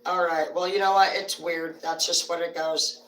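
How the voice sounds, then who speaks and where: A woman with a slightly low voice chats on her livestream, drifting from one story to the next and swearing as she goes. She sits some distance from the mic in a roomy, echoing space. A faint background hum runs under her talk. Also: flat delivery, moderate pace, a bit bright. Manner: rambling, profane storytelling. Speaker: livestream host. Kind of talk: casual livestream chat.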